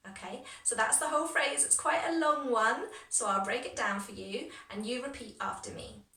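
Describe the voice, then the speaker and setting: A woman teaching an English lesson, modeling phrases clearly for listeners to repeat, with encouraging words and a rising, exaggerated intonation on the examples. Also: on the high side, moderate pace, pushed and bright. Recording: echoey room from a distance.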